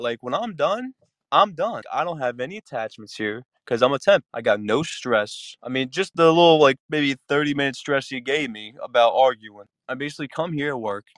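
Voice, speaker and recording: A man in his thirties co-hosting a casual podcast, telling a work story in an animated way with plenty of swearing. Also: medium pitch, no room sound. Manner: storytelling, animated retelling with curses. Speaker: podcast co-host. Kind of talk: casual chat.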